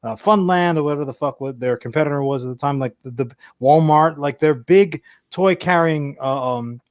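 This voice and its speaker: Male co-host, profane rambling storyteller, a bit high-pitched, dry recording. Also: moderate pace, no room sound. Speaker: podcast co-host. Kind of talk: casual chat.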